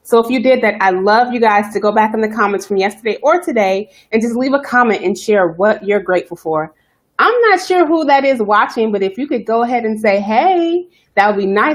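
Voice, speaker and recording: A woman hosting a self-care live stream, talking fast and chatty, greeting viewers by name as she coaches. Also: mid-range voice. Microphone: webcam or phone live stream.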